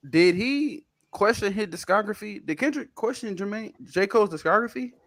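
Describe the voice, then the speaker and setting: A young man hosting a casual podcast debate, animated and argumentative, sometimes dropping to low asides. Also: normal speed. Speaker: podcast host.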